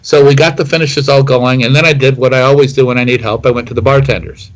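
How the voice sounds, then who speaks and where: A man's voice: medium pitch, fairly even intonation, fast, rough recording. A middle-aged man, a distiller telling a long story in an interview, rambling with many fillers and restarts. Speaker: whiskey distiller guest.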